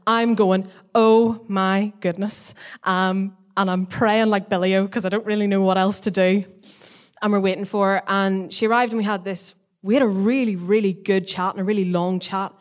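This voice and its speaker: A young adult woman giving a casual spoken testimony as a guest, a lively storyteller who talks at length. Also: mid-range voice, normal speed.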